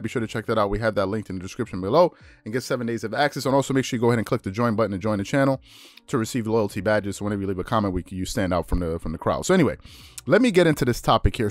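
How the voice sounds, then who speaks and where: A man hosting a sports talk show in a quick, chatty flow, often restarting his phrases. His mid-range voice sounds dry and close to the mic. Faint music plays underneath. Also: medium pitch, no echo. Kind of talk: casual sports commentary monologue.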